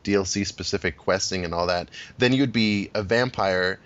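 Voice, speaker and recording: A man's voice: sits low, moderate pace, fairly bright tone. A man co-hosting a podcast, talking casually about games in long rambling turns full of restarts and fillers. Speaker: podcast co-host. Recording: dull lo-fi podcast audio.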